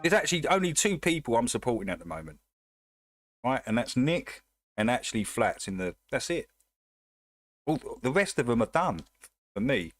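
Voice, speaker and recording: Essex guy rambling on his live stream, blunt and chatty, lively up-and-down voice, dry close sound, faint music behind. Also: medium pitch, moderate pace, long pauses, dry recording. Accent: Essex / North London English. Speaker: livestream host. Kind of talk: casual livestream chat.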